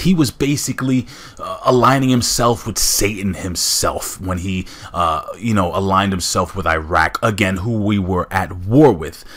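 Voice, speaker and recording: A man with a low, slightly bright voice hosts a casual countdown commentary. He's enthusiastic and speaks directly to his viewers.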